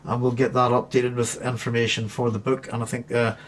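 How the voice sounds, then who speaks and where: A man's voice: mid-range voice, little pitch movement, brisk. A man with a Northern Irish accent hosting a live stream, chatting casually and reading viewer comments aloud. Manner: chatty, reads viewer comments aloud and hums between them. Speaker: host.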